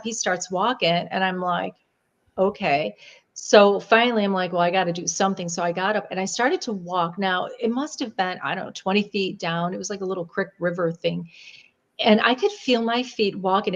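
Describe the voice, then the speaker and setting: A woman from the Niagara Falls area, a guest psychic medium chatting casually and telling animated stories with frequent laughs. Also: medium pitch. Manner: chatty, animated storyteller who laughs often. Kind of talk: casual podcast chat.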